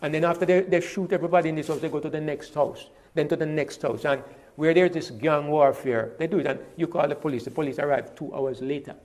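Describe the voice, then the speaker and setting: A man's voice: a little high, fairly even intonation, fast talker, a little mellow. A middle-aged man from Jamaica, talking in a conversational monologue, emphatic and repeating words as he builds a point. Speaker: interviewee.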